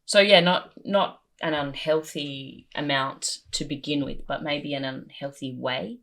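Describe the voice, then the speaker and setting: A young adult woman comedian talking candidly as an interview guest, animated and self-deprecating, cursing freely. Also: deep voice, unhurried. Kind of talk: candid conversational storytelling.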